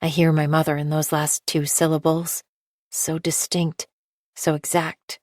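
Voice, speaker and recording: A woman reading a first-person novel aloud in a measured, precise, detached way. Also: sits low, little pitch movement, darkish tone, no room sound, clean studio sound. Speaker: audiobook narrator. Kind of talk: first-person scripted narration.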